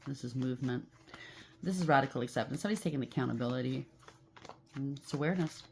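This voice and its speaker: Low-voiced woman giving a blunt tarot reading. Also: fast, gravelly, a little mellow, a little hiss or hum. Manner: emphatic, repetitive, blunt judging tone. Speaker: tarot reader.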